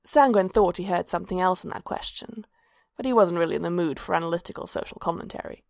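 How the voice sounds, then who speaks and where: A woman narrating a fan fiction story aloud in an even, measured way. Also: on the low side, creaky, dry recording, studio quality.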